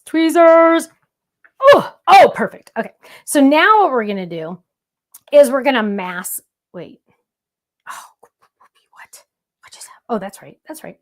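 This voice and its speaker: A woman hosting a crafting show, chatting excitedly and talking herself through each step of a stamping demonstration. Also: mid-range voice.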